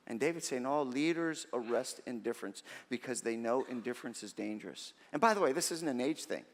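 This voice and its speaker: A middle-aged man preaching a sermon as pastor, conversational and animated, with self-deprecating stories. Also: mid-range voice, fairly quick, few pauses. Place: large church auditorium. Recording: long reverb of a church hall.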